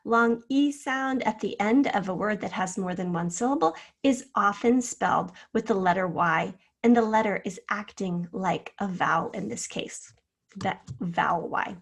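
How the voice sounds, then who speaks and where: A woman teaching a recorded spelling lesson to fifth graders, sounding words out syllable by syllable and spelling them letter by letter. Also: mid-range voice. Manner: slow, clear syllable-by-syllable spelling out.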